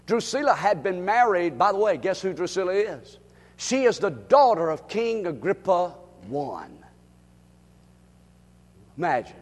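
High, animated preacher, shouting. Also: male voice. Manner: call-and-response, bursts into shouting. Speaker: preacher teaching Bible study. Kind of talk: animated sermon. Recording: long reverb in a large hall.

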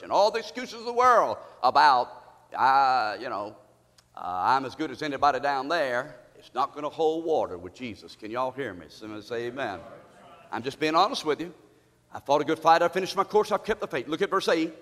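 A man preaching a fiery sermon in church, using call-and-response and moving between shouted peaks and low, intense passages. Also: expressive, fairly quick, long reverb tail. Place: church sanctuary.

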